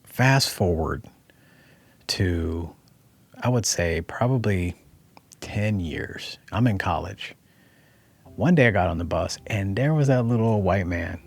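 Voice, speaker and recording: Middle-aged man from Ohio, husky and low, lively storyteller. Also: slow, long pauses, faint music behind. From Dayton, Ohio. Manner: animated, conversational, acts out quotes. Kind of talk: personal storytelling.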